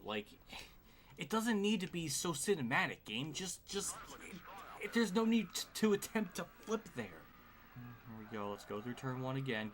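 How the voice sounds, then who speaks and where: A man streaming live from home talks through a racing game, exasperated and swearing freely, with laughs breaking in. His voice swings widely up and down. Steady noise is clearly heard under his voice. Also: medium pitch. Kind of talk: live gameplay commentary.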